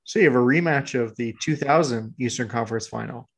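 Gravelly-voiced man in casual sports chat. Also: mid-range voice, a little fast. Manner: laid-back, rambling. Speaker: podcast co-host.

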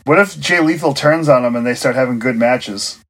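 A man with an average-pitched voice chats casually on a remote podcast. He keeps things light with short quips and joking questions. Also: fairly quick, fairly bright tone, rough recording. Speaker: podcast co-host. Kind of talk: casual chat. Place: recording remotely.

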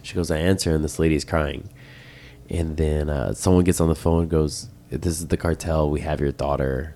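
A man's voice: very deep voice, steady tone, normal speed, mellow, slight background noise. A young man in casual chat with friends, telling a story animatedly, swearing, laughing and mimicking his mother.

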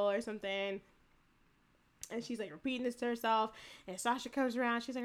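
A woman's voice: on the high side, fast talker. A woman co-hosting a casual chat, retelling a TV episode with lots of laughter and profanity. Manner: animated, laughing, profane storytelling. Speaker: podcast co-host.

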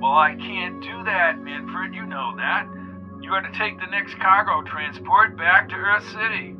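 A man reading aloud as a calm male official delivering orders firmly. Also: high voice, a little slow, lo-fi sound, music in the background, pitched above the performer's own voice. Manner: firm, level, apologetic.

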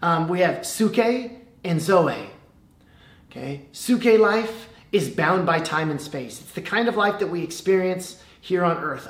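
A man preaching a sermon as pastor, with an emphatic, measured delivery and dramatic pauses. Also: a little high, fairly bright tone, reverberant. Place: church.

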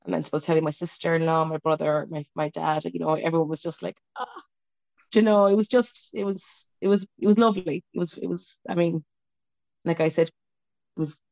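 A woman tells her personal story at a quick clip, her low voice catching into a gravelly fry as she loops back and restarts her sentences. It is a close, dry, slightly dull video call recording. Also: steady tone, dark tone, no room sound. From Ireland. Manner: rambling, self-interrupting, tearful at moments. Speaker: interview guest.

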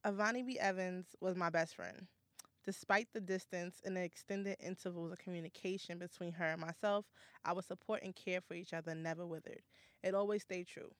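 A woman's voice: fairly low pitch, fairly even intonation, fairly quick, fairly bright tone, no room sound. Woman reading a heartfelt tribute. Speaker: guest giving a tribute.

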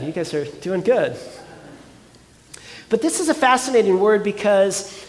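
A man's voice: high voice, big-room sound. A man preaching a sermon as pastor, earnest and conversational, often asking his congregation rhetorical questions.

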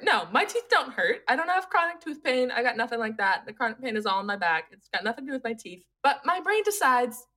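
A young woman in casual chat, telling a personal story with lots of laughter and animated asides. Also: high-pitched, brisk, few pauses.

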